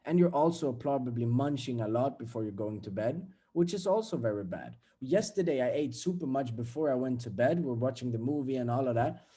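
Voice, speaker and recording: A man's voice: mid-range voice, animated, fairly quick, few pauses, warm tone, slightly rough. A young man giving a casual, blunt motivational talk, swearing freely and acting out everyday scenes. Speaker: self-development vlogger.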